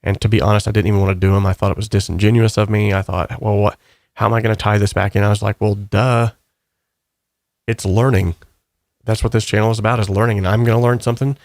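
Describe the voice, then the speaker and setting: A man's voice: lowish voice, little pitch movement, rapid-fire, gravelly, darkish tone, no room sound, clean studio sound. A man hosting a casual stream, chatting loosely and reading viewer comments aloud in a rambling, upbeat way. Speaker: channel host.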